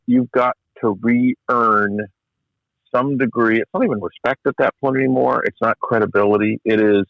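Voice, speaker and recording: A man's voice: on the low side, vocal fry, dry recording. A middle-aged man, an emergency physician, telling stories in a candid, reflective and self-deprecating podcast conversation. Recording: slightly muffled podcast audio.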